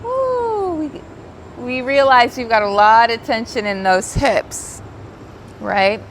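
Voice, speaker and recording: A woman teaching a guided yoga class outdoors by the ocean, giving gentle, soothing, unhurried cues and slipping into Spanish now and then. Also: a little high, a little hiss or hum. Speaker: yoga instructor.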